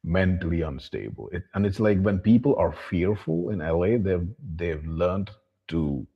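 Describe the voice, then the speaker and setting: A deep, husky male voice carries a blunt, profane rant to camera. He keeps referring to himself in the third person with open contempt, and the recording sounds slightly muffled and lo-fi. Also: moderate pace. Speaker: vlogger. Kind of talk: monologue to camera.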